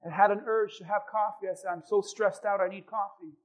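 Guy pastor preaching, pretty high voice, tells stories and acts out the people in them. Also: a little fast. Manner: animated storytelling, acting out quoted voices. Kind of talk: sermon. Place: church.

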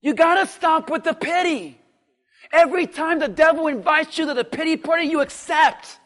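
A male pastor with a very high voice delivers an emphatic sermon, repeating phrases for stress and rising from hushed talk to shouts. His voice rings out with a long reverb from the church hall. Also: moderate pace. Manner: emphatic preaching that swings from quiet to shouted.

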